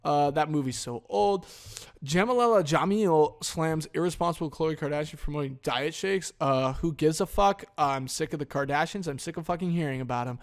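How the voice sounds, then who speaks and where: A man's voice: fairly high pitch, normal speed. A man hosting a casual solo podcast, ranting crudely and dismissively with constant swearing, leaning over a desk microphone. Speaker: podcast host. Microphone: desk microphone he leans over.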